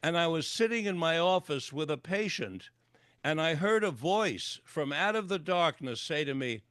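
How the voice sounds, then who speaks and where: An older man tells a long personal story as a radio guest, throwing himself into each quoted line. His voice sits a little high for a man. The sound is dry and close, with no room around it. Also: expressive, normal speed, fairly bright tone, no echo. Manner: vivid storyteller acting out dialogue. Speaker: guest, clinical psychologist and author. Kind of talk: storytelling interview. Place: radio interview.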